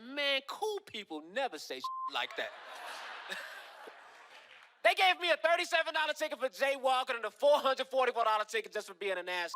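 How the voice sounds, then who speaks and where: A man doing stand-up comedy, telling stories in a deadpan way with punchy asides. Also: sits high, very noisy.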